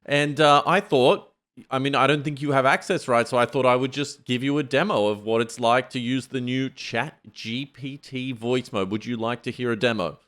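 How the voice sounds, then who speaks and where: A man's voice: medium pitch, moderate pace, a bit bright. A man hosting a podcast, casually chatting and playfully directing an AI voice demo. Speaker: podcast host.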